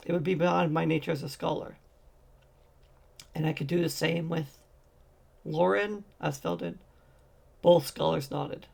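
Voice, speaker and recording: A man's voice: fairly high pitch, steady tone, a little slow, vocal fry, pauses often, a little mellow, slightly rough. A man narrating a fantasy short story as a fan audiobook, reading steadily with occasional slips.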